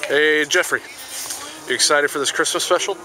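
Upbeat man vlogging at a ballfield. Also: fairly high pitch. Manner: upbeat, asks teammates quick questions. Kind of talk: casual vlog chat. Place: outdoors at a softball field. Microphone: handheld camera. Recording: noisy outdoor camera audio.

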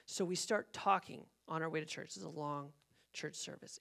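Guy pastor telling a story in church, lively, acts out the voices. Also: fairly high pitch, normal speed, creaky. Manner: animated storytelling with acted-out quotes. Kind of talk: sermon storytelling. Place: church sanctuary.

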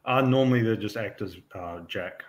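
A man running a tabletop role-playing game as game master, talking in halting bursts full of fillers and restarts. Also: fairly low pitch.

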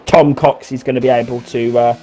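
A British man giving casual live commentary on an online racing league, chatty and teasing, jumping into excited shouts. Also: mid-range voice, brisk. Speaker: race commentator.

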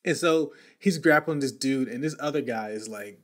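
A man's voice: medium pitch, normal speed, a bit bright. A male podcast host telling a story in casual, slangy talk, often repeating and restarting words.

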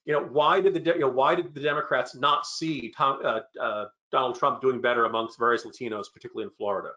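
A man on a political panel giving sardonic, fast-flowing analysis and mock-quoting his opponents. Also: mid-range voice, fairly even intonation, bright, forceful tone. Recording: lo-fi, muffled audio.

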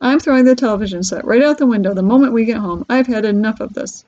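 A woman's voice: fairly high pitch, fast talker, mellow, dry recording, lightly acted. A woman voicing a blunt, sarcastic, grumpy father in a storybook reading. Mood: gruff. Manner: blunt, gruff. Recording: dull lo-fi recording.

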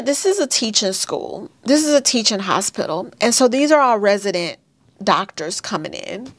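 A woman's voice: medium pitch, dry recording. A woman in her thirties telling a painful personal birth story straight to her viewers, earnest and candid. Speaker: vlogger sharing a birth story.

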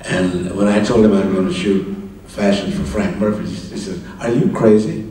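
An older man spins an anecdote in a low voice, stopping for a chuckle and an "uh" now and then. He sounds far from the microphone, and the big room rings around him. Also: level tone, dark tone, a little hiss or hum. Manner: anecdotal, chuckling, halting with fillers. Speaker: interview guest. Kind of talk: live stage conversation, storytelling. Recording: roomy, distant mic in a hall.

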